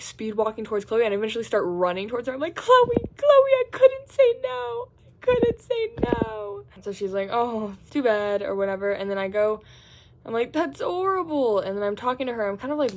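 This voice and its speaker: A woman's voice: mid-range voice, darkish tone. A young woman, a college student, chatting casually about her day in a vlog, filling her talk with "like" and acting out what people said. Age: young adult. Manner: chatty, heavy use of "like"; acts out quotes in squeals and groans.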